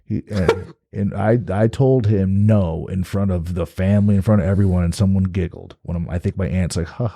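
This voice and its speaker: Deep-voiced man from New Jersey, swearing storyteller. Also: steady tone, fairly quick, creaky, warm tone, no echo, studio quality. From New Jersey, USA. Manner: rambling storyteller, swears freely. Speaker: guest. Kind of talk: casual chat.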